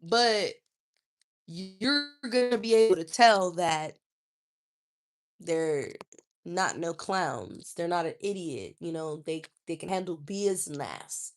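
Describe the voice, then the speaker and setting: A woman's voice: lowish voice, expressive, slow, long pauses. A woman hosting a casual live stream, answering viewer comments in a blunt, profane, scolding way.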